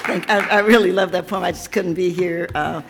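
A seventy-year-old woman from Tennessee, hoarse from losing her voice, reading her poetry and then chatting with laughing, rambling asides. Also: on the low side, fairly even intonation, a little fast, a loud crowd, very noisy. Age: 70s. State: hoarse, has lost her voice. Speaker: poet giving a reading. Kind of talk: poetry reading and anecdotal talk.

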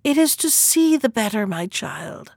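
A woman's voice: a little high, big pitch swings, measured pace, creaky, no room sound, studio quality, full character voice. Woman doing a sly wicked wolf. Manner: sly, sometimes softened and hushed. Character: wicked hungry wolf, sly male beast.

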